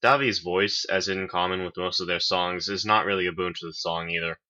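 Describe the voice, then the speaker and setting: A man's voice: low voice, steady tone, a little fast, bright, forceful tone, highs cut off. A man hosting a music review, reading his verdicts with dry sarcasm. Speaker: host, album reviewer. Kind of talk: semi-scripted review.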